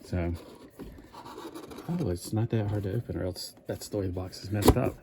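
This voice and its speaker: A man's voice: low voice, moderate pace, heavy background noise. A man chatting casually in a toy review vlog, rambling and thinking aloud as he goes.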